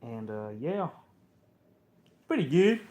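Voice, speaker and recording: A man hamming up a Texas drawl, pitched higher than his own voice and pushed louder. The delivery is playful and drawn-out, full of asides. It is spoken from a couch in a lounge. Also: sing-song. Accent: attempted Texas. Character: young man putting on a loud Texas drawl.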